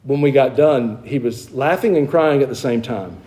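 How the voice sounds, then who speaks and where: A man's voice: medium pitch, normal speed, mellow. A middle-aged man preaching a sermon as pastor, talking conversationally, with self-deprecating humor and emphatic exhortations.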